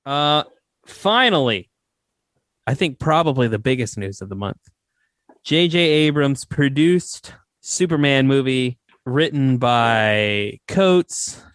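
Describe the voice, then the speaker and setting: A man's voice: mid-range voice, slow pace, clear, resonant tone, dry recording, studio quality. A man hosting a podcast, chatting casually and giving opinions with lots of fillers. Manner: relaxed, opinionated, many fillers. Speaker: podcast host. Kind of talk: casual chat.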